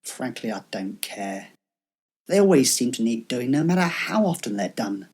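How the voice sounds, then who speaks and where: A man performing scripted comedy dialogue in a deadpan, grumbling manner. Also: medium pitch, normal speed. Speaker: comedy co-host.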